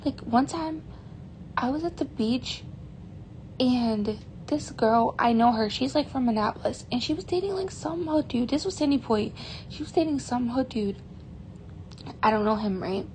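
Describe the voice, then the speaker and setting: Teen girl vlogger, fairly high pitch, vocal fry, chatty and exasperated, faint hiss behind. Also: expressive, normal speed, darkish tone. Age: teens. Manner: chatty, exasperated, heavy use of "like". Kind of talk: casual storytime vlog.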